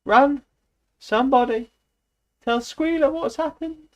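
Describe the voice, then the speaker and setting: A man voicing a motherly old mare who cries out in a high, strained voice. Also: slow, a little mellow. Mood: urgent.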